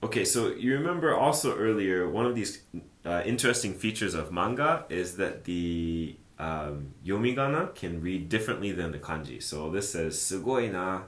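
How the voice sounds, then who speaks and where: A man teaching a language lesson in a relaxed, chatty way, thinking aloud with plenty of fillers. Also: sits low, normal speed, roomy sound. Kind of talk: casual explanatory lesson.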